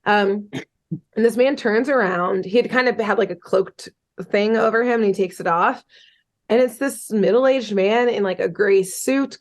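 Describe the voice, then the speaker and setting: A woman hosting a podcast, talking at an ordinary middle pitch. She retells a story in a loose, chatty way, full of fillers and casual cursing. The tone stays relaxed and conversational throughout. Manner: chatty, swearing, many fillers like "um" and "like". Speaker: podcast host. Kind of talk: casual chat, retelling a cartoon episode.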